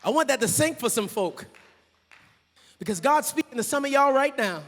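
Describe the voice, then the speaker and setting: High-voiced folksy man preaching. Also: animated, normal speed, a bit bright. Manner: casual, folksy, talks straight to the congregation. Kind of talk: sermon. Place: church sanctuary with a choir. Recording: long echoey church reverb.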